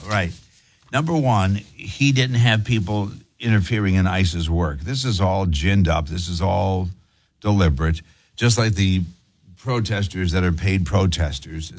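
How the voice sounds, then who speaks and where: A man's voice: on the low side, husky, dry recording. A man hosting a talk radio show, speaking emphatically with rhetorical questions.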